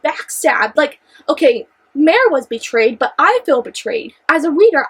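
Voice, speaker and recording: A young woman with a high voice talks through a book she loves in casual chat. She gushes and exclaims, and she trips over repeated phrases when she gets worked up. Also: fairly bright tone, poor audio. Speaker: book reviewer. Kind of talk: excited casual book discussion.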